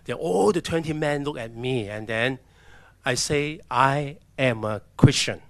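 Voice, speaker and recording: A man from China, telling his personal story as a missionary in a halting way, often restarting his sentences. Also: medium pitch, fairly bright tone, no room sound. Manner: halting, with restarts and acted-out quotes. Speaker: missionary speaker. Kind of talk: personal testimony talk with slides.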